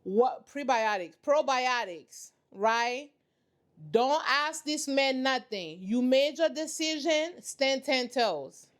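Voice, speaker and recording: A woman's voice: sits high, lively intonation, slow pace. A woman hosting a reaction channel, giving sassy, emphatic commentary in casual slang.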